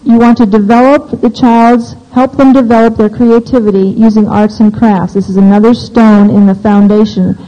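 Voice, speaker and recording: A woman's voice: fairly high pitch, little pitch movement, moderate pace, few pauses, mellow. A woman speaking to a live audience at a homeschooling seminar, opinionated and practical, often asking the listeners questions. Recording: dull lo-fi recording.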